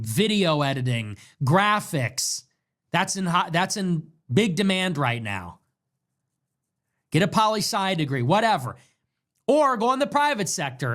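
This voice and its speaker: A man's voice: high-pitched, a bit bright. A man hosting a livestream, delivering an emphatic, repetitive, commanding monologue. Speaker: political livestream host. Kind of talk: monologue commentary.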